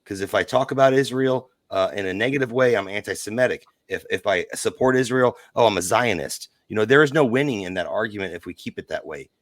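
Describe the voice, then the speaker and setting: Deep-voiced opinionated man, dry sound. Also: fast talker, few pauses, dry recording. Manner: emphatic, opinionated. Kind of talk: casual chat, opinionated.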